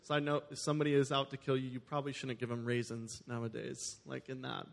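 A man's voice: mid-range voice, little pitch movement, quick pace, creaky, long reverb tail. A man preaching a sermon. He reads scripture aloud and breaks off into casual, conversational explanations of the story. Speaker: pastor.

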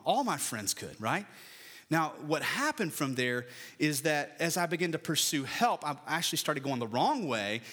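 A man's voice: on the high side, pushed and bright. A middle-aged man preaching a sermon, building emphatic lists and telling a personal story from the pulpit. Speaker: pastor.

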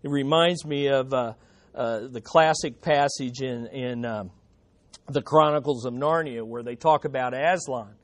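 A man's voice: mid-range voice, measured pace. A man preaching a sermon as pastor, emphatic and repeating key phrases for effect. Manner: quotes imagined voices with dramatic swings in loudness.

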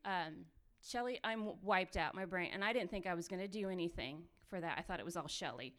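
A woman telling her own mission trip story with lively, run-on phrasing, laughing often as she goes. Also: lowish voice, a little fast. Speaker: missionary sharing testimony. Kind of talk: animated personal storytelling.

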